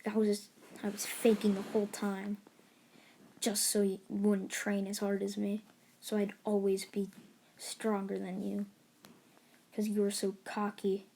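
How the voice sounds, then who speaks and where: A woman doing a smug, calm teen boy. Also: medium pitch, unhurried, gravelly, pauses often, a little hiss or hum. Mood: cold. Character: calm smug overpowered teenage boy hero.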